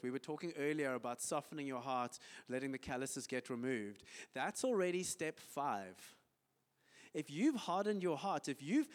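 A man with a South African accent preaching a sermon in a church, acting out little everyday conversations as he talks. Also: mid-range voice. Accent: South African English. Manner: animated preaching, acts out little dialogues. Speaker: pastor. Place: church hall. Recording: church hall reverb.

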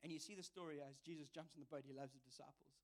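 A man's voice: on the high side, fairly even intonation, very fast. A man preaching a sermon, earnest and confessional, telling a personal story with self-mocking humour. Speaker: visiting preacher.

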